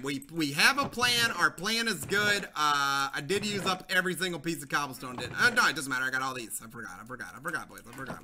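With a high-sitting voice, the young man running a gaming channel gets worked up during his let's-play, addressing viewers directly. He says things over and over and yells whenever something goes wrong.

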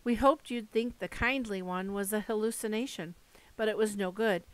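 A woman voicing a touchy, jittery young satyr boy, half goat, with a high nervous edge in an audiobook reading. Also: moderate pace, clean tone, close to an everyday voice. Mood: indignant. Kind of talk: audiobook character voice.

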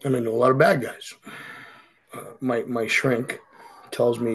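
A man's voice: medium pitch, steady tone, measured pace, breathy edge, poor audio. A middle-aged man, speaking as a podcast guest and telling his story bluntly and profanely. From Boston. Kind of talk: candid storytelling interview.

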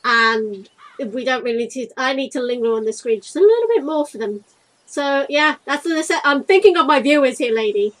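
A woman's voice: high voice, animated, fairly quick, a bit bright, poor audio. A young woman giving crude, cheeky let's-play commentary while playing a game, playfully exasperated at what is on screen. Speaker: gaming video creator.

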